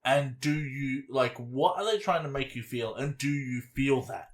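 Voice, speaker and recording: Casting: man, podcast co-host, loose and animated, swears freely, mid-pitched. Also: unhurried. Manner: rambling, animated, swears casually. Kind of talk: casual chat reviewing an album.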